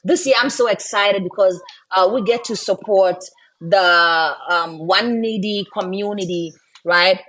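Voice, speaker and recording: A woman's voice: mid-range voice, unhurried, fairly bright tone. A woman and mother chatting on a live stream, encouraging viewers and often ending lines with "right?". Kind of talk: casual live-stream chat.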